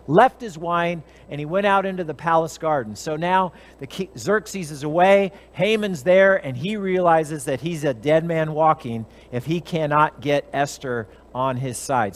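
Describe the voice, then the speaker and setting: High-voiced man preaching conversationally. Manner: animated storytelling, briefly acting out characters' lines. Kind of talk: conversational Bible teaching.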